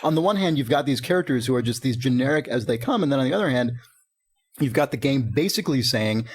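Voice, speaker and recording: A man's voice: medium pitch, lively intonation, fast, breathy edge. A man co-hosting a podcast, talking casually and animatedly, swearing freely and laughing often. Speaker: podcast co-host. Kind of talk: casual chat.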